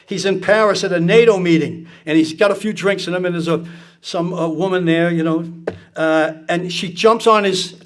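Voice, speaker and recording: A man with a notably high-pitched voice tells stories in a loose, conversational way. He is blunt and profane, and he throws himself into the quotes of the people in his stories. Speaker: speaker recounting political anecdotes. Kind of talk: casual storytelling to an audience.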